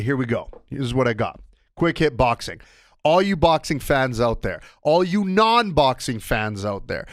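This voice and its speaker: Animated man hosting a sports podcast. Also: dry recording, studio quality. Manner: animated storyteller with wide swings of pitch. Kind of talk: casual solo podcast monologue.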